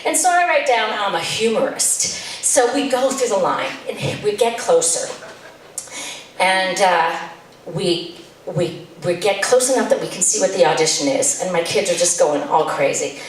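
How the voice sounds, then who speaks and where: A woman's voice: fairly low pitch, lively intonation, normal speed, very echoey, recorded from a distance, a little hiss or hum, low-quality recording. A woman telling a comic story to an audience, chatty and exasperated, slipping into voices for the people she describes. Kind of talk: live storytelling set.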